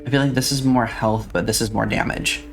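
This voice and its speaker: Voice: medium pitch, steady tone, a little fast, faint music behind. A streamer in a casual let's-play, chatting along and reading and answering viewers' messages aloud.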